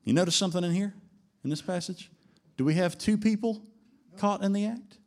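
A man preaching a sermon to his congregation in an animated way, climbing to emphatic peaks and slowing down for quoted lines. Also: high voice. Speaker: pastor.

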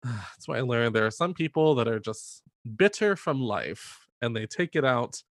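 A man chatting casually on a podcast, telling animated stories, laughing often and filling his talk with "like". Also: medium pitch, moderate pace, no echo, studio quality. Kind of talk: casual storytelling chat.

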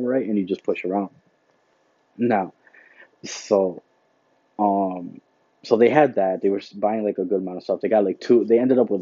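A man's voice: on the low side, mellow, husky, no room sound. A man hosting a podcast, telling a work story in a rambling, casual way, full of fillers and "whatever, right?". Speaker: podcast host. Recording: dull lo-fi sound.

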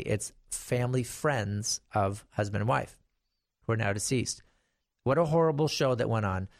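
A man's voice: mid-range voice, vocal fry, no room sound, studio quality. A middle-aged man, an estate planning attorney, explaining guardianship in a conversational storytelling way with emphatic warnings. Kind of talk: explanatory talk to viewers.

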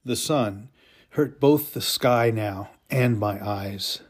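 A man giving a dramatic story reading, slow and emotive, with drawn-out pauses. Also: fairly low pitch.

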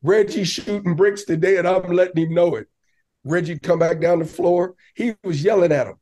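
A man talking casually as a podcast guest, telling lively stories and breaking into raised voices to act out what others said. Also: high voice, normal speed. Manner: animated, laughing, acts out quotes in raised voice. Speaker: podcast guest, basketball coach. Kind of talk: casual storytelling.

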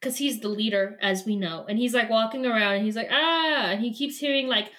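Podcast co-host, woman, higher register, loose and playful book recap. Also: a little fast, hardly any pauses, fairly bright tone. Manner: retells scenes with playful put-on character lines. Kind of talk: casual book recap chat.

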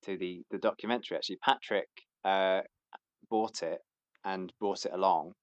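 A man's voice: deep voice, steady tone, moderate pace, no echo, lo-fi sound. A man, chatting hesitantly as a podcast guest, with many fillers and restarts. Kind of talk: casual chat.

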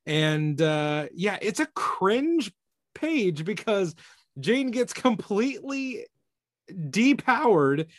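A man casually discussing a comic book issue on a podcast, animated and laughing as he retells scenes. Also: high-pitched, slow, no room sound, clean studio sound. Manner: animated, mock-archaic quoting, laughing. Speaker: podcast co-host.

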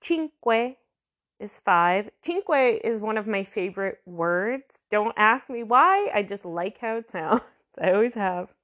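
A woman giving a casual language lesson, chatty, sounding out words slowly and repeating them. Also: mid-range voice, expressive, a bit bright. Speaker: language teacher.

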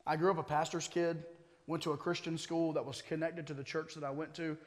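A male pastor preaching a sermon, conversational at times and building to forceful emphasis. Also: fairly high pitch, flat delivery, brisk, in a large hall. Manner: conversational asides with humor.

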